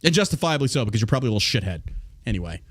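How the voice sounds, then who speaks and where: A man's voice: medium pitch, slightly rough. A man hosting a podcast, ranting in a profane, combative way. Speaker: podcast host. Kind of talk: casual podcast rant.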